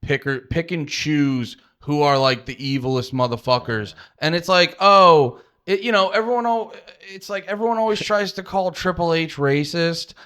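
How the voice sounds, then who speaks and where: A man's voice: a little high, a bit bright, smooth. Man ranting profanely on a podcast. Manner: ranting, profane, quick to laugh. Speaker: podcast co-host. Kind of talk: casual podcast banter.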